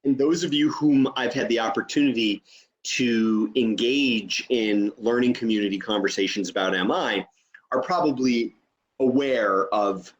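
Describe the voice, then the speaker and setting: A man's voice: fairly low pitch, lo-fi sound. Man leading an online training session. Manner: explanatory, frequent "okay?" check-ins.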